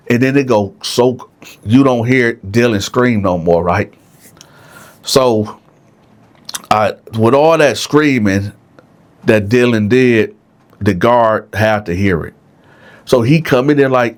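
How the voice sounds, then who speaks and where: A man's voice: mid-range voice, measured pace. A man host casually telling a dramatic personal story, often checking in with "right?". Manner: animated, dramatic, keeps asking "right?".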